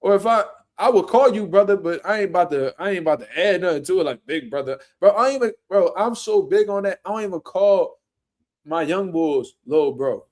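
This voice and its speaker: A young boxer with a high voice tells animated, profane stories in street slang, speaking briskly during a casual podcast chat.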